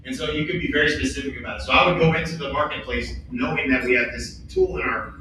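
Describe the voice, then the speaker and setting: A man with an Oklahoma accent speaking on a conference panel in a conversational, energetic way. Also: medium pitch, quick pace, slight background noise. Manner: energetic, conversational, leans on "right?" and "like". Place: large event hall on a stage. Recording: echoey hall from far off.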